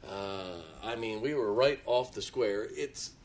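A middle-aged man from Ohio preaching a storytelling sermon, switching between loud emphatic points and quiet, chatty anecdotes full of fillers. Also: lowish voice, slow pace. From Canton, Ohio. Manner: folksy, frequent fillers and restarts, chuckles.

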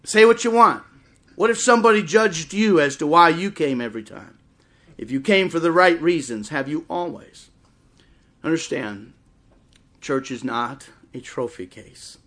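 A middle-aged man preaching a sermon in church, impassioned and swelling toward shouts. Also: on the high side, animated, measured pace. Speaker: pastor. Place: church service before a congregation.

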